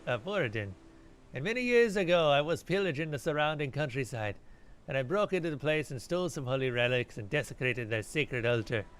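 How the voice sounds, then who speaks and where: A man's voice: fairly high pitch, fairly bright tone, a little hiss or hum. A man voicing a grim, boastful old male pirate ghost, reading game dialogue aloud in salty pirate talk.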